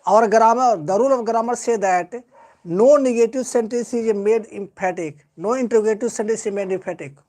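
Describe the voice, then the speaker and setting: Earnest Indian English grammar teacher. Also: male voice, sits high, a little fast, darkish tone. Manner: earnest, repetitive, lecturing with stressed words. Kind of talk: live online grammar lesson.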